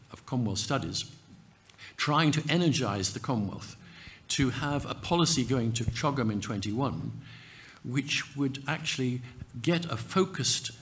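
A man speaking on a conference panel, measured, with occasional fillers. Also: medium pitch. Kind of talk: panel discussion.

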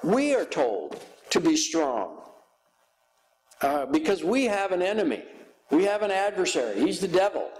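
A guest pastor, a man, preaching a sermon in a church, slow and halting with frequent fillers. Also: high voice, huge pitch swings, a little mellow, a little hiss or hum, rough recording.

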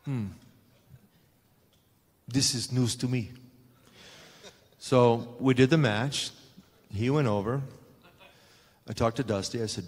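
This man, in his sixties, speaks at a medium pitch, taking his time and pausing often. He's telling stories at a live panel on a large convention hall stage, animated and performing the voices of those he quotes, all carried by the hall's roomy reverb.

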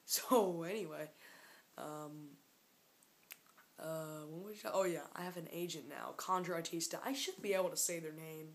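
Rambling, jokey woman vlogger, lowish voice. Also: normal speed. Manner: rambling and jokey, keeps getting sidetracked. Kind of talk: casual vlog. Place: room alone, upstairs. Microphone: camera mic.

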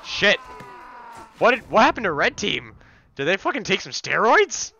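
A man's voice: high-pitched, huge pitch swings, moderate pace, vocal fry, bright, forceful tone, dull audio, slight background noise. A young man hosting a gameplay session, chatting casually and giving mock-heroic king speeches to his team between bursts of swearing. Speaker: gaming channel host.

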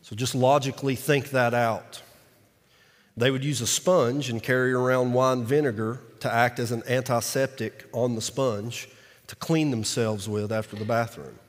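Man preaching in a reverberant hall. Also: medium pitch. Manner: conversational preaching, dramatizes scripture quotes. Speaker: pastor. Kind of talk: sermon. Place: church sanctuary. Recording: long reverb of a large hall.

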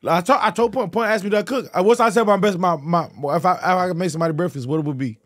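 A man chatting as a podcast guest, telling animated stories full of restarts and repeated phrases. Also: high-pitched, rapid-fire, dry recording, studio quality. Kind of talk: casual podcast chat.

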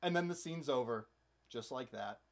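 A man's voice: medium pitch, animated, normal speed. A man hosting a comedic movie recap, narrating with sarcastic, playful asides. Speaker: host.

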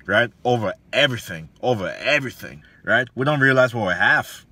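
A man's voice: medium pitch, lively intonation, fairly quick, bright, forceful tone, breathy edge, dry recording. A man, an online fitness coach, giving a preachy motivational monologue full of repeated lines, slang and rhetorical questions.

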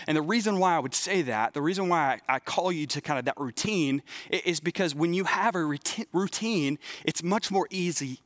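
Youth preacher, male, slightly high voice, earnest and conversational, stumbles and restarts. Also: normal speed, fairly bright tone, dry recording. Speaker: youth pastor. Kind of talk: sermon to students.

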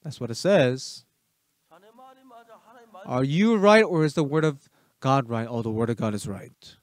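A man preaching a sermon as pastor, emphatic, firing rhetorical questions at the congregation and swinging between loud urging and soft asides. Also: mid-range voice, lively intonation, measured pace.

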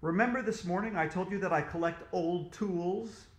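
Man reading as an upbeat, teasing female dentist, fairly high, echoey room. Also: normal speed, natural voice. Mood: cheerful. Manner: cheerful, teasing. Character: cheerful, teasing woman dentist.

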